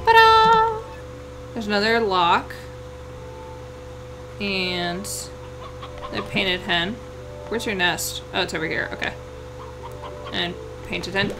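A woman hosting a let's play, chatting through the game and breaking into excited squeals and exclamations. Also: mid-range voice, a little slow, long pauses, faint music behind, poor audio. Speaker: gaming channel host.

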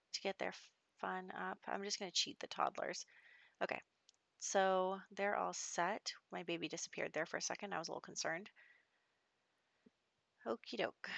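A woman's voice: on the low side, vocal fry, fairly bright tone, no room sound. A young adult woman casually narrating her life-simulation gameplay in a chatty, rambling way with frequent laughs. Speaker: let's play host. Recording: dull, dry home mic.

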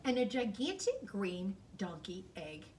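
A woman librarian reading a picture book aloud to children in an expressive, sing-song storytelling voice. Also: medium pitch, measured pace, far from the mic, a little hiss or hum. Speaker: school librarian.

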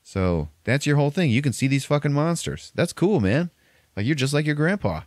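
A man's voice: fairly high pitch, expressive, fairly quick, no room sound, clean studio sound, pitched above the performer's own voice, lightly acted. A man voicing a blunt, breezy young woman with a special power, swearing casually in a raised voice.

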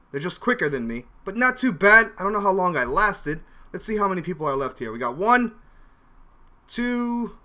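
A young man giving casual, excitable gameplay commentary as a gaming YouTuber, often yelping and laughing. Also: sits high.

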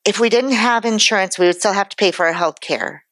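A woman's voice: mid-range voice, fairly quick, fairly bright tone, no room sound. A woman insurance broker giving a conference presentation, chatty and joking, laughing at her own asides. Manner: chatty, joking asides, self-deprecating humor.

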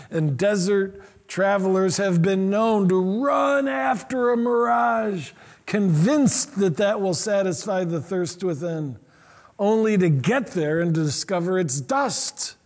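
A middle-aged man preaches a sermon with a high, husky voice. He talks with animation and slips into voices for the quotes he reads. His delivery swings between earnest urging and quieter asides. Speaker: pastor.

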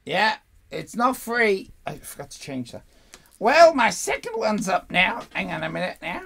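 An Irish woman co-hosting a live stream in casual, sweary chat that rambles and bursts into loud laughter. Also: mid-range voice, huge pitch swings, moderate pace, gravelly, a crowd in the background. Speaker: stream co-host.

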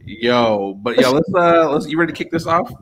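A man co-hosting a casual podcast from home, bantering loudly with lots of slang and laughter over a remote call. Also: on the high side, animated, normal speed, a little hiss or hum. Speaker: podcast co-host. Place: home in Chicago.

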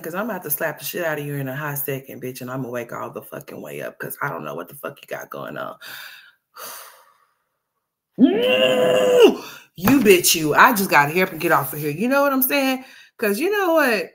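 A woman's voice: on the low side, sing-song, fast talker. Woman commentary host, brash and foul-mouthed. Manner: brash, profane, loud laughing rants. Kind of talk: reaction commentary.

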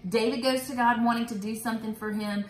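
A woman's voice: fairly high pitch, fairly even intonation, quick pace, slight background noise. A woman hosting a casual Bible study talk, chatty and enthusiastic. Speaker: host. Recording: roomy echo.

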